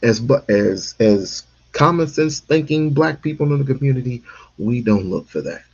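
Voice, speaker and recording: A man's voice: medium pitch, animated, moderate pace, darkish tone, slightly rough, highs cut off. A man hosting a casual commentary stream, talking emphatically and repeating himself for stress. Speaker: stream host.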